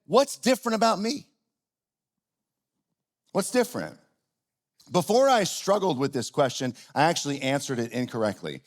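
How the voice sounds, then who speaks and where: A middle-aged man preaching a sermon in a relaxed, conversational way, often restarting his sentences and poking fun at himself. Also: fairly high pitch, moderate pace, pauses often. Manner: conversational, self-deprecating, with frequent restarts. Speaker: pastor. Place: church auditorium.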